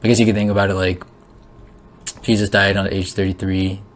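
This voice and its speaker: Young man, lowish voice, rambling vlog monologue, excitable and emotional, swears a lot. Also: fairly quick. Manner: rambling, restarts, swears, laughs; emotional, voice jumps up. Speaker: conspiracy vlogger.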